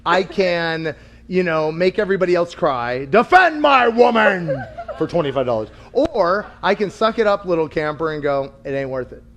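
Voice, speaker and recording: Man, high lively voice, laughing storyteller, casual couple chat. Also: normal speed. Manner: animated, laughing, acts out quotes. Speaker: co-host, husband.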